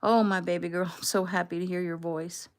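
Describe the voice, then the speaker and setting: A woman's voice: on the low side, steady tone, a little fast, lightly acted. A woman voicing a tender middle-aged mother who dotes on her daughter and speaks with loving reassurance. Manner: tender, doting.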